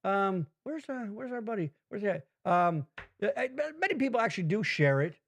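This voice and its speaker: High-voiced profane podcast host man. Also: big pitch swings, fairly quick, a bit bright. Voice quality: profane, rambling, full of fillers. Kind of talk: casual chat with live chat.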